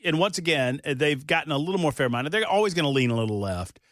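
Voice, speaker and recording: A male talk radio host bantering in a rambling, animated way. His voice sits a little high and swings widely in pitch. It is recorded close and dry in a studio. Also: quick pace, dry recording. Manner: chatty, rambling, animated retelling. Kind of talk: casual on-air banter.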